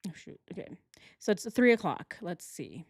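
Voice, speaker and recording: A woman's voice: lowish voice, big pitch swings, normal speed, husky, no echo, studio quality. A woman doing true crime reaction commentary, indignant and conversational, and often asking her viewers questions. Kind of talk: reaction commentary over video.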